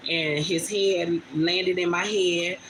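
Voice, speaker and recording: A woman's voice: lowish voice, steady tone, slow. Emotional woman talking to viewers. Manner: chatty, emotional, addresses viewers as y'all. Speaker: vlogger on a livestream. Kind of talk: casual heartfelt livestream talk. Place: home indoors. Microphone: phone. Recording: phone recording with clear background noise.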